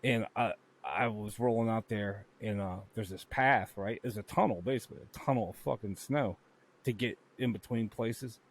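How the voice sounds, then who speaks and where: A man's voice: fairly low pitch, moderate pace, breathy edge. A man co-hosting a podcast, telling stories in a loose, profane, joking way. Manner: profane, storytelling, laughs often. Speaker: podcast co-host. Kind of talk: casual chat.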